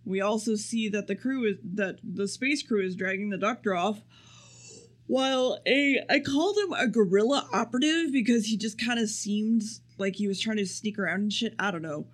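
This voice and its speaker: A podcast co-host with a high voice recaps an episode at normal speed, rambling casually and swearing as he goes. He acts out quotes along the way.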